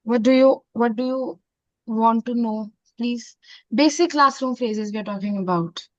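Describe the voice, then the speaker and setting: A woman with an Indian accent teaching a French class, mixing in Hindi and repeating phrases slowly. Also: fairly high pitch, no echo. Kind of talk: online classroom lesson. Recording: dull, dry lo-fi sound.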